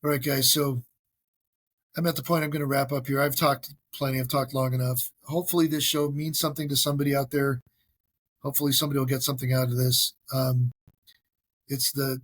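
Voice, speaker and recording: A man's voice: medium pitch, little pitch movement, a little fast, a bit bright, breathy edge. A man hosting a solo podcast, talking in an earnest, self-deprecating way with frequent restarts. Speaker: podcast host. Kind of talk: casual solo podcast monologue.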